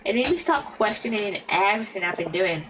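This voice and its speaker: A British woman voicing an anxious, guilt-ridden young woman in a video game, reading softly and hesitantly. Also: medium pitch, animated, a little fast, far from the mic, noisy background, close to an everyday voice. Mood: guilty, anxious.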